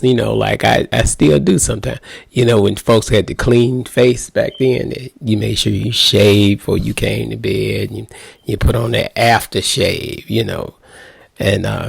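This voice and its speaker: Gravelly-voiced pastor, folksy and playful. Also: male voice, lowish voice, no room sound. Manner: folksy and playful, acts out little scenes. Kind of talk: casual marriage talk to men.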